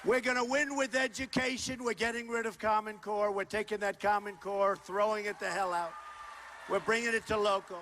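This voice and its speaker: An older man addresses a rally crowd, his high-set voice forceful and tense. He talks off the cuff, repeats himself and keeps pushing the same points loudly. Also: steady tone, normal speed. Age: 60s. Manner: loud, repetitive, ad-libbed crowd address. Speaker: political candidate. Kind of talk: campaign rally speech. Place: large rally hall.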